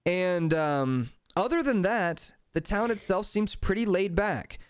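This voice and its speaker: A man's voice: high voice, animated, a little slow, clean tone, dry recording. A man narrating a tabletop game as game master, in an easygoing, descriptive way.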